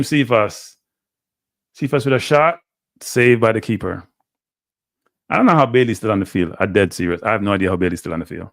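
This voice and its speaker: In a fairly low voice with vocal fry, a man hosts a live football watchalong, calling the plays and adding blunt, frustrated fan commentary. The audio is studio quality with no room sound.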